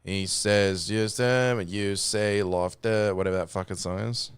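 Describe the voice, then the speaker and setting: A man streaming a game, chatting casually with a teasing, sweary, deadpan manner. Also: fairly low pitch, measured pace, clean tone, no echo, clean studio sound. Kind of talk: casual gaming chat.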